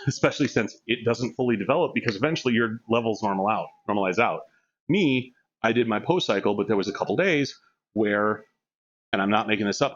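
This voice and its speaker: A man's voice: lowish voice, a bit bright, dull audio. A man streaming live during a gym session, chatting candidly and rambling, laughing often. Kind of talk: casual chat while working out.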